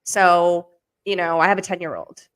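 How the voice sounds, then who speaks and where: A woman's voice: on the low side, fairly even intonation, normal speed, smooth. Hesitant woman host asking questions. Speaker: podcast host. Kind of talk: casual interview chat.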